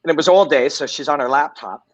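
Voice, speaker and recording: A man's voice: on the high side, fast talker, no room sound, low-quality recording. A middle-aged man and former fighter hosting a live-stream watch party, telling stories candidly, swearing freely and rambling. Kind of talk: casual live-stream commentary and storytelling.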